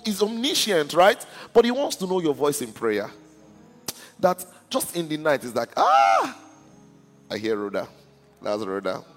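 Lively-pitched preacher in a reverberant hall. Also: male voice. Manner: repeats "are you listening" to the congregation; stammers and restarts words. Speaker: pastor. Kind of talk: sermon. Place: church.

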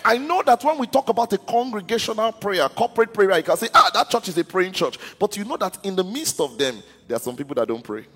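Lively-pitched preacher in a reverberant hall. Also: male voice, fast talker, hardly any pauses, breathy edge. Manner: repeats "are you listening" to the congregation; stammers and restarts words. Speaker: pastor. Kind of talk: sermon. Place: church.

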